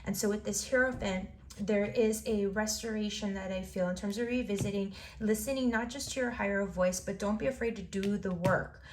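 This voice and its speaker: A woman's voice: medium pitch, fairly even intonation, moderate pace, a little hiss or hum. Lady doing a tarot reading, encouraging, kinda rambly, repeats herself a lot. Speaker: tarot reader.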